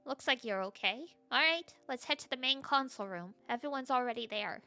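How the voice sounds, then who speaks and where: A woman voicing a calm, reassuring guide character in a game, read gently and steadily. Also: high-pitched, a little fast.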